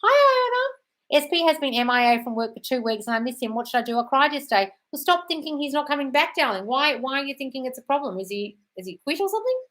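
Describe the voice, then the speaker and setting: A woman's voice: high-pitched, animated, fast, hardly any pauses, fairly bright tone, poor audio. A woman hosting a live stream, reading out viewer questions and answering them in a breezy, chatty way, calling everyone darling. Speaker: host.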